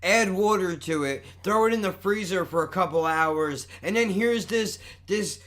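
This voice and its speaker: A young man hosting a podcast that he also edits, talking in animated, casual banter full of laughs, swearing and "bro". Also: sits high, normal speed. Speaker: podcast host who edits the show.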